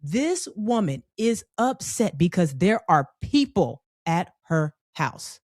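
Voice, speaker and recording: A woman telling a personal story in a conversational, animated way, with frequent profanity. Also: on the low side, takes it slowly, no echo, clean studio sound.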